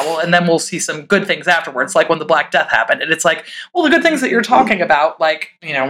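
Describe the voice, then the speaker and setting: A woman historian, a podcast guest, talking in casual, wry chat with quick asides and swearing. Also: fairly low pitch, fairly bright tone.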